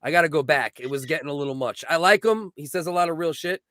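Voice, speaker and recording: With a slightly high, bright, forceful voice and a quick pace, this adult co-host of a comedy podcast is a married man. The studio-quality audio has no echo. He keeps the casual chat agreeable and talkative, frequently saying "you know what I mean" while thinking aloud.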